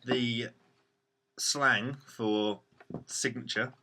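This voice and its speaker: Bright-voiced joking young Englishman. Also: mid-range voice, fairly even intonation, very slow, slight background noise. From England. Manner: dry joking, cuts in. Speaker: vlog co-host. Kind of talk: casual chat.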